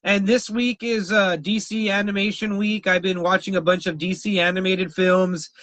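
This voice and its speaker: A man's voice: sits high, normal speed, dry recording, rough recording. A man co-hosting a podcast, telling wild stories in casual chat, swearing and laughing often. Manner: animated storyteller, swears a lot, laughs often. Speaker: podcast co-host.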